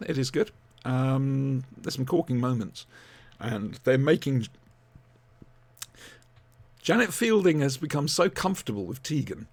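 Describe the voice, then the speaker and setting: Animated gravelly podcast host. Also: male voice, mid-range voice, dry recording. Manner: rambling, animated, many ums. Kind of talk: casual chat review.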